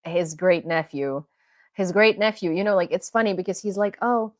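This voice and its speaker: Excitable rambling young woman host. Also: lowish voice, moderate pace, dry recording. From Ukraine. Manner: excitable, rambling, many restarts. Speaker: host and independent reporter. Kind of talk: livestream commentary chat.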